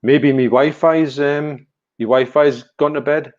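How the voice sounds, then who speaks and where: A man's voice: on the high side, fairly even intonation, measured pace, darkish tone. A man with a Newcastle accent, chatting casually on a video call and telling rambling, self-mocking stories. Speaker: live stream co-host. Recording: dull lo-fi call audio.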